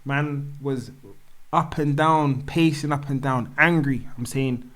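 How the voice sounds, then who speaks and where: A man's voice: medium pitch, steady tone, normal speed, few pauses, a bit bright. A man, a podcast guest telling a personal story in candid, slangy talk and acting out the dialogue. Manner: candid, slangy, acts out dialogue in quoted speech. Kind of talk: casual storytelling conversation.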